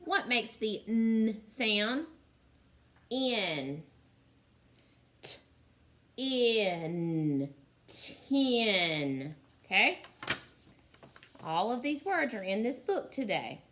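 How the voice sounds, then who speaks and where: A very animated woman with a medium-pitched, fairly bright voice gives young children a phonics lesson. She frequently praises them while sounding out letters slowly and deliberately.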